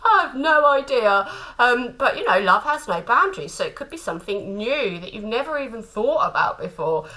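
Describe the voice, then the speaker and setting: A woman's voice: fairly high pitch, big pitch swings, moderate pace, sharp tone, poor audio. A woman giving a chatty spiritual card reading to camera, affectionate and given to laughter. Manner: chatty and affectionate, repeats "my lovelies" and "okay?", laughs often. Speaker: tarot card reader.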